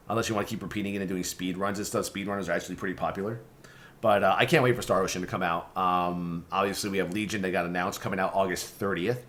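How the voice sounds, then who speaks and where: A man's voice: sits low, fairly bright tone. A young man hosting a casual vlog, rambling and swearing with lots of fillers and restarts. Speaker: streamer and vlog host.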